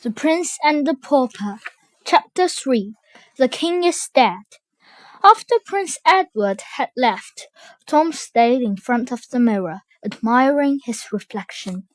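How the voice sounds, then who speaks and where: A woman reads a children's storybook aloud with slow, careful expression. Her voice sits somewhat high for a woman, and the recording is close and dry with no room sound. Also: animated, no room sound. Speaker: storybook reader.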